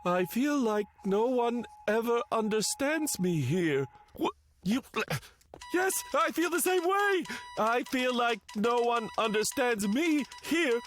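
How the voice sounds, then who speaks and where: A high, pompous cartoon inventor. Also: male voice, big pitch swings, slow pace, a bit bright, full character voice. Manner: theatrical, swinging between pompous and desperate. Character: moody misunderstood cartoon inventor creature. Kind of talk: animated cartoon dub. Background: background music.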